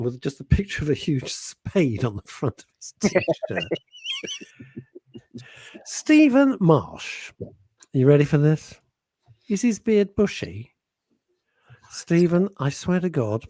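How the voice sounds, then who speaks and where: Husky guy on radio telling a funny story, voice jumps all over, dry studio sound. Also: on the high side, slow pace, pauses often, no room sound. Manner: animated, laughing storyteller. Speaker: radio presenter. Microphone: studio microphone.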